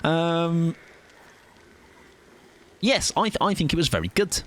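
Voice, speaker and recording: A late-twenties man streams a game live, bantering and arguing playfully with viewers and repeating words as if trying them out. His fairly high voice is animated and a bit bright, and he speaks slowly.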